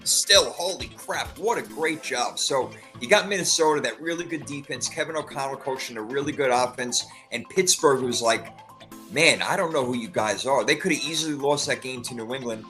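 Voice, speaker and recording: Man, podcast co-host, casual football talk, lively, quick to laugh. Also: mid-range voice, soft background music.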